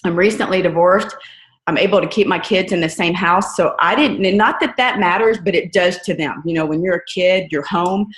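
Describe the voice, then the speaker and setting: A woman's voice: on the low side, moderate pace. A woman, giving an earnest, conversational motivational talk on a team call and often checking in with "right?". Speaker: guest speaker on a team call. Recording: echoey room.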